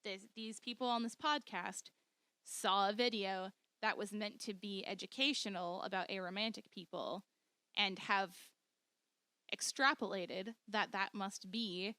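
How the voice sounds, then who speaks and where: A woman's voice: mid-range voice, sharp tone, no echo. A woman giving an informal commentary monologue, peppered with "like", acting out the quotes she cites. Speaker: video commentator.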